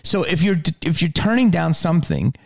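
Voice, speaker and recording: A middle-aged man chatting casually on a podcast, telling animated, profane stories and dropping his voice low for asides. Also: normal speed, creaky, no echo, clean studio sound. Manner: swearing, animated storyteller who drops low for asides. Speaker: guest comedian.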